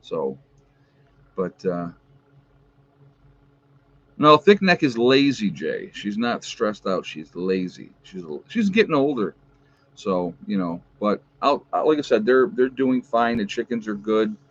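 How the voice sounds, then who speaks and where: A man's voice: very animated, slow, pauses often, dry recording, dull audio. An American man chatting casually in a rambling livestream, full of fillers and restarts. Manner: high baby talk to his dogs. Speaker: vlogger.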